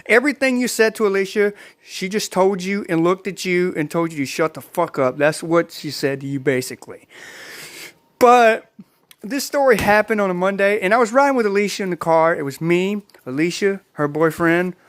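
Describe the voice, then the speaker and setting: A man's voice: sits high, moderate pace. A man vlogger telling a casual storytime, rambling and profane, repeatedly addressing his viewers.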